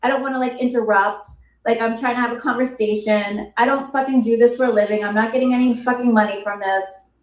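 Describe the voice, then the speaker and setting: A woman's voice: fairly high pitch, steady tone, fast talker, reverberant, distant mic. Defensive, exasperated woman co-host. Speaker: co-host guest. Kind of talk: live reaction commentary.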